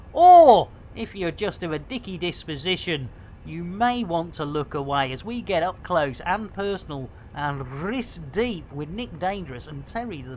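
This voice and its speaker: A man's voice: high voice, a little hiss or hum. A man giving playful, theatrical commentary on a live game stream. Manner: jokey, theatrical, lots of pet phrases.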